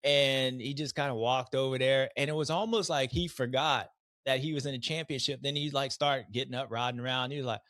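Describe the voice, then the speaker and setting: A former racer hosts a podcast, recapping a race casually with a medium-pitched, slightly bright voice that's fairly even and a little fast. He rambles with slang and restarts, acting out riders' voices in quotes, recorded dry in a clean studio.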